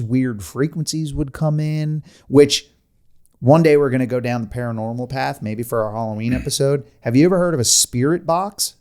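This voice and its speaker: A man hosting a podcast, telling a story in casual chat with animated delivery, rambling asides and frequent laughs. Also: mid-range voice. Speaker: podcast host.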